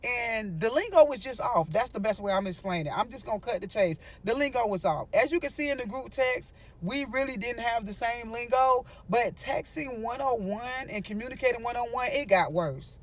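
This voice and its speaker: A woman telling a story to her viewers in a casual, animated vlog, with frequent asides to them. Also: fairly high pitch, brisk, few pauses. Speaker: storyteller vlogger.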